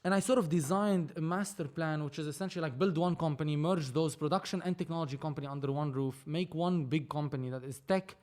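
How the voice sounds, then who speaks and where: A man, a film producer and podcast guest, telling a story in animated casual talk, acting out dialogue and swearing freely. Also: a little high, fast, hardly any pauses. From Lebanon.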